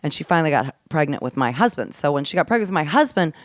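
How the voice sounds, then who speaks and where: A woman comedian telling a family story as a podcast guest, animated and given to laughter and swearing, dropping to a hush for the grim parts. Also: deep voice, racing, dry recording, clean studio sound. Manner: laughs often, swears casually. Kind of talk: casual storytelling chat. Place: host's home.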